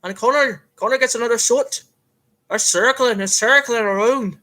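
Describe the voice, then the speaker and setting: A man's voice: extremely high pitch, normal speed, pushed and bright, pitched above the performer's own voice, rough recording. A man voicing a self-styled Irish fight commentator with a put-on, slightly off Irish accent, in comic play-by-play that is hammy and full of rambling fillers. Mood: excitable. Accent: put-on Irish, admittedly a bit off.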